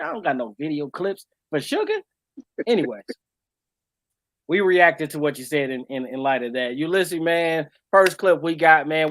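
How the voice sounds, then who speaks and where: A man's voice: a little high, no echo. A man co-hosting a casual podcast with an American accent, joking and laid-back, peppering his talk with "you know what I'm saying.". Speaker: podcast co-host. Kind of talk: casual chat.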